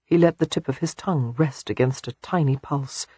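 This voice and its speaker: A man narrating a romance audiobook in an expressive storytelling manner. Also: fairly high pitch, normal speed, slightly rough, no echo.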